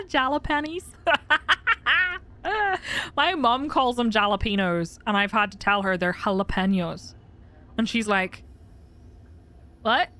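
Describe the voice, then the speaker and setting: A woman's voice: mid-range voice, expressive, unhurried, fairly bright tone. A young woman streamer chatting casually with her live chat, laughing often and greeting viewers by name.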